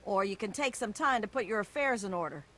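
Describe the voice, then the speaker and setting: A woman's voice: mid-range voice, animated, fast, a bit bright, natural voice. An actress playing a brash, mocking woman who recruits fighters for deadly arena matches in a video game. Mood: taunting. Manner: taunting, brash.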